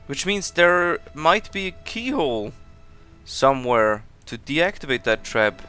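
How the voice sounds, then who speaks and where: A bright-voiced man talks his way through a game in a loose, rambling let's play style, chuckling at his own mistakes. His voice sits a little high, and quiet game music plays underneath. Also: big pitch swings, measured pace. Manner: chatty, rambling, laughs at himself. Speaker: gameplay commentator. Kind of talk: casual let's play commentary.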